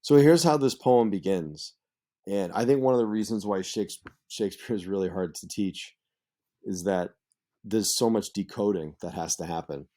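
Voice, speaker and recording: Low-voiced man teaching in relaxed lecture. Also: normal speed. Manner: conversational, with fillers and asides. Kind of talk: explanatory lecture.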